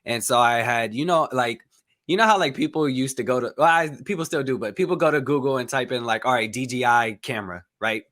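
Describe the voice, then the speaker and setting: A young man hosting a podcast with a bright, forceful voice. He talks in a relaxed, rambling way, full of "um" and "like", at a mid pitch. Casual interview chat. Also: fairly quick. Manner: relaxed, rambling, lots of fillers. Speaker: podcast host.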